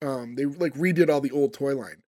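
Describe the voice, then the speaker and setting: A man's voice: mid-range voice, normal speed, mellow, no echo, studio quality. A man hosting a casual podcast, recapping scenes and asking puzzled questions. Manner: puzzled, questioning, many "like" fillers. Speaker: podcast host. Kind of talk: casual chat, recapping an episode.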